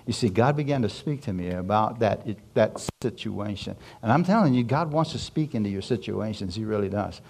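A man's voice: on the low side, lively intonation, a little fast, creaky, few pauses, a little mellow, a little hiss or hum. A man telling a personal story in a church sermon, stopping often to ask the congregation questions and chuckling as he goes. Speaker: preacher giving testimony. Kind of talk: sermon testimony.

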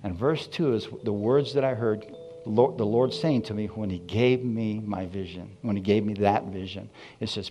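Animated male preacher. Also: lowish voice, moderate pace, a little hiss or hum. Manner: animated storytelling, acting out dialogue. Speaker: pastor. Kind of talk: sermon.

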